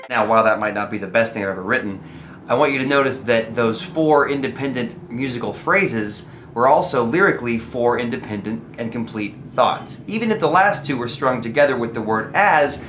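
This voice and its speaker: A man's voice: medium pitch, animated, normal speed. A man teaching how to write comedy lyrics in a friendly, explanatory video lesson, with the odd "uh" and "um". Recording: echoey room, faint music.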